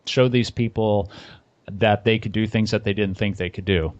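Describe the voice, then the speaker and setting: A man's voice: fairly low pitch, fairly even intonation, normal speed. An American man hosting a casual interview, asking questions with small restarts and hesitations. The recording sounds dull and a bit lo-fi. There is no room echo at all, so it is very dry and close. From United States. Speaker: host.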